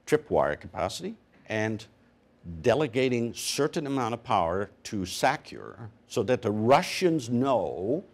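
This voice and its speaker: A man speaking as a panelist, measured and emphatic, pausing with fillers. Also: medium pitch, a little mellow. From Canada. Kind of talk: panel discussion.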